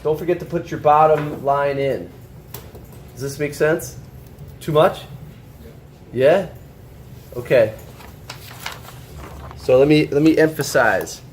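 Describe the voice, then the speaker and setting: A man teaching a high school shop class, walking students through a drawing step by step, checking in often and joking with them. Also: slow pace, long pauses, slight background noise. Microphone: camera held by a student.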